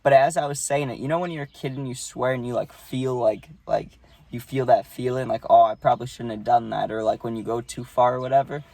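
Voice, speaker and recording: A man's voice: mid-range voice, fairly even intonation, a little fast, gravelly, dark tone, no room sound. A young man casually telling a story to camera, rambling and swearing, with lots of "you know" and "right".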